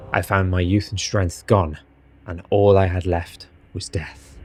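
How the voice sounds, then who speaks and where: A man's voice: low-pitched, darkish tone. A man voicing an ancient, irritated noble male vampire lord, reading a journal seriously and dramatically.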